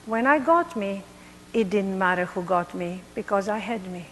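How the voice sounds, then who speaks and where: A middle-aged woman from Greece with a Greek accent, telling her life story to an audience in an animated, playful way. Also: medium pitch, moderate pace, long reverb tail, slight background noise. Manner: animated, playful, laughs at herself. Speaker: motivational speaker.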